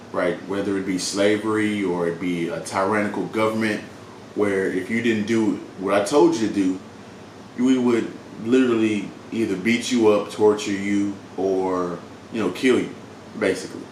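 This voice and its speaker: A man's voice: lowish voice, a little hiss or hum. A young man talking casually to his viewers with a groggy morning voice, chatty and loose, tagging lines with "right?" and "you know". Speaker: vlogger. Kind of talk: casual talk to camera. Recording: echoey room from far off.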